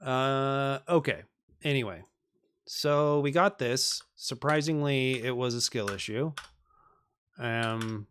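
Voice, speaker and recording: A man's voice: medium pitch, slow, pauses often, fairly bright tone, slight background noise. A man on a live stream working through programming exercises, reading them aloud and joking with viewers in a self-deprecating way.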